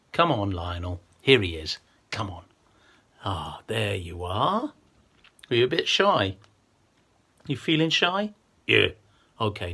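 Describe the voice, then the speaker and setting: A man's voice: on the low side, sharp tone, slightly rough. A man telling a children's story with a lion puppet, in a playful, coaxing way.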